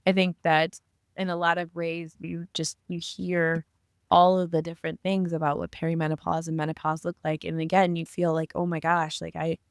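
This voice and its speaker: A woman's voice: on the low side, level tone, normal speed, clean tone, dry recording, clean studio sound. A woman co-hosting a podcast, speaking thoughtfully in long rambling sentences. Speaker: podcast co-host. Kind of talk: casual interview chat.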